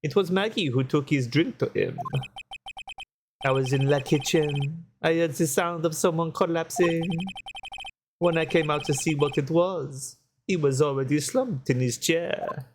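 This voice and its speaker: A man's voice: a little high, measured pace, music in the background. A man reading a fussy, flamboyant French restaurant owner in an exaggerated put-on French accent for a video game. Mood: theatrical. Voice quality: exaggerated French-accented English, sprinkled with French words. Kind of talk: reading game dialogue aloud.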